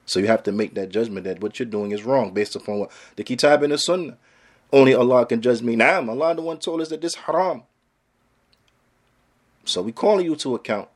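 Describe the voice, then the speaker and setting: A man teaching an Islamic lesson in a plain, mid-pitched voice. He talks in casual street phrasing and drives his points home with pointed rhetorical questions. His delivery is emphatic and direct. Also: fairly quick. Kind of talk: religious lecture.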